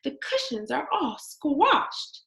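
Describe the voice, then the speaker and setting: A woman voicing a mommy bear in a storybook, speaking softly as she exclaims. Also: high voice, sing-song, slow pace, vocal fry, roomy sound, pitched above the performer's own voice, exaggerated voice. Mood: surprised. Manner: soft exclaiming. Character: soft-spoken mommy bear.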